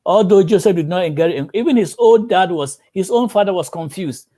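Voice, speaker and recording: A pastor preaching a sermon. His voice sits a little high for a man. He is a storyteller, and he slips into the voices of the people in his examples. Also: expressive, normal speed, dark tone.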